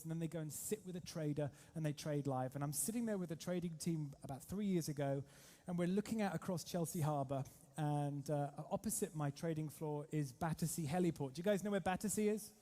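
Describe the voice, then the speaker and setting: A man giving a lively motivational seminar talk as a trading coach, telling stories and quizzing his audience. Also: on the high side. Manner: energetic, storytelling, keeps polling the audience.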